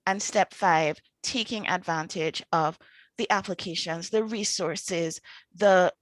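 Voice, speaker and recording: Woman host chatting away, animated storyteller, dry close sound. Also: on the low side, slow, dry recording. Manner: animated, acts out quoted panic. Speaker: show host and coach. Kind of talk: casual storytelling monologue.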